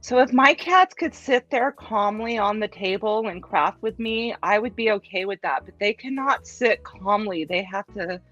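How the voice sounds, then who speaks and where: A woman's voice: mid-range voice, normal speed, hardly any pauses, a bit bright, soft background music. A woman guest crafter in casual chat, easygoing and laughing along with the host. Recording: dull lo-fi stream audio.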